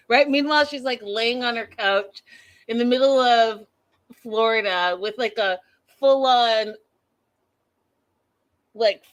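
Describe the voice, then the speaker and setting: A woman host chats her way through a reality-show recap in a loose, animated way. She talks to the viewers directly and laughs at her own jokes, keeping it casual. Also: on the high side. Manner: chatty, animated, laughing at herself, asides to viewers.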